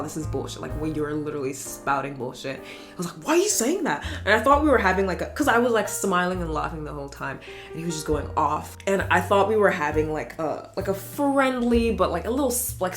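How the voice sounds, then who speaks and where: A woman in her twenties with a lowish, slightly bright voice is a vlogger doing a casual get-ready-with-me chat. She tells stories as she gets ready, sprinkling in sarcastic asides.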